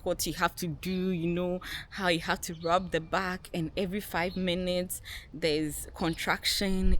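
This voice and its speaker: A young woman vlogger telling a personal story to her viewers in a casual, animated way, laughing often and acting out what people said. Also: lowish voice, a little hiss or hum. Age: young adult. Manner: animated, laughing, acts out quotes.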